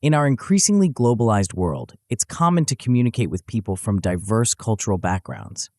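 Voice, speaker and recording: Male narrator, low voice with lively inflection, dry close sound, steady instructional read for a self-help audiobook. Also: no echo. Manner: even, measured instructional delivery.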